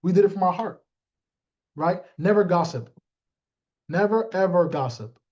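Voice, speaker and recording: High-voiced blunt motivational man, lo-fi. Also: expressive, a little slow, darkish tone. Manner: blunt, joking, calls on listeners by name, acts out dialogue. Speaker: team leader coaching sales agents. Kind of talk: motivational talk to a live team.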